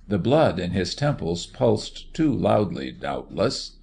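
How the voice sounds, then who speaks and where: A man narrating a story in a measured, expressive reading voice. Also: deep voice, creaky, slight background noise. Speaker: audiobook narrator.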